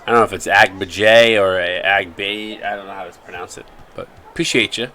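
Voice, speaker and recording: A man calling live play-by-play for a streamed basketball game, rising to shouts on big shots. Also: low-pitched, fairly even intonation, a little fast, a little hiss or hum.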